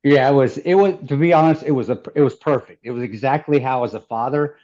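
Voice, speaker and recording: A man's voice: medium pitch, fast talker, mellow, highs cut off. A middle-aged man from the American Midwest, telling a story as an interview guest, rambling with restarts and laughter. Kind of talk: casual storytelling.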